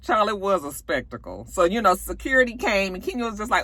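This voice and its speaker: A woman's voice: mid-range voice, expressive, normal speed, few pauses, fairly bright tone, dry recording. A woman recapping a reality show in casual chat, sassy and profane, acting out quotes. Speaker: TV recap vlogger.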